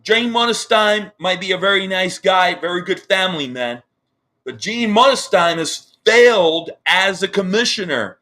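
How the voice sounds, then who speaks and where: A man's voice: sits high, animated, moderate pace, sharp tone. A man hosting a live-streamed interview over a video call, talking with upset passion and repeating himself. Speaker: online news show host.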